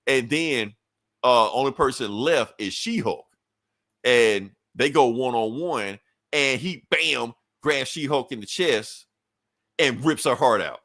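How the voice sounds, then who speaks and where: Animated, profane man recapping comics. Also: medium pitch, takes it slowly. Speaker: podcast co-host. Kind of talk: casual comic book recap.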